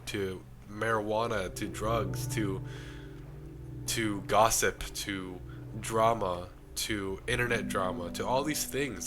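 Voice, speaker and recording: A young man with a rough, strained voice from the flu, giving an impassioned self-improvement monologue to camera. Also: lowish voice. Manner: preachy, impassioned. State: sick, losing his voice.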